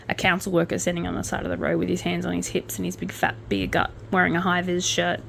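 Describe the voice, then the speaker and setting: A woman's voice: on the low side, steady tone, brisk, creaky, hardly any pauses, fairly bright tone, slight background noise. A woman hosting a casual true-crime podcast, blunt and opinionated, with swearing and jokey asides. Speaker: podcast host.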